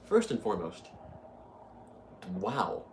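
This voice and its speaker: Slow and lowish, with huge swings in pitch, this young adult gaming host gives easygoing, chatty let's-play commentary and is quick to find things funny. There's a little background noise.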